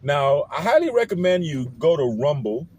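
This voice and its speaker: A man's voice: fairly high pitch, sing-song, normal speed, darkish tone. A man with a New Orleans accent talking straight to his viewers in a rambling, hedging, conspiratorial way. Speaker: vlogger. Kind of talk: parody of a conspiracy-theory health vlog.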